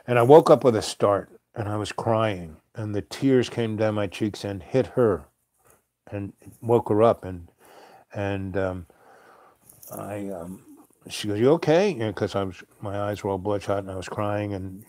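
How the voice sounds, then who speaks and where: A warm, mellow-voiced host meanders hesitantly through a late-night story, full of filler words and gentle chuckles. His pitch is fairly low, and the close, dry recording carries no room sound.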